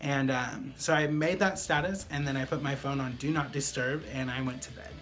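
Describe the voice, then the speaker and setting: A man's voice: mid-range voice, fairly even intonation, moderate pace, fairly bright tone, soft background music. A man vlogger telling a personal story in a casual, chatty way, full of fillers like "like" and "pretty much".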